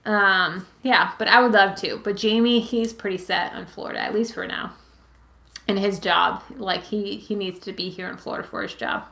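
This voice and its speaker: A woman's voice: mid-range voice, normal speed, vocal fry, pushed and bright. Chatty twenties woman in an echoey room. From Massachusetts. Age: 20s. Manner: rambling, with many "like" and "um" fillers. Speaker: channel host answering viewer questions. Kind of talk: casual live Q&A chat. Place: at home with her pets nearby. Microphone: webcam or phone on a livestream.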